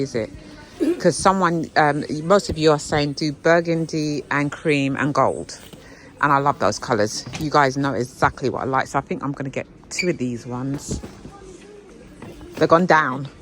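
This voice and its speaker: A woman's voice: a bass voice, normal speed, faint music behind, low-quality recording. A woman chatting to viewers about what she finds while shopping, exclamatory and talkative. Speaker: vlogger. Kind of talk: casual shopping vlog chat. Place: indoor shop.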